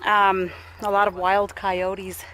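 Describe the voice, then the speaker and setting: Her mid-range voice is slow and a bit bright, with little pitch movement, as a young vlogger mom narrates a family walk on an outdoor trail. Chatty and laughing often, she coos at her toddler and sounds out of breath. The low-quality recording has a little hiss or hum.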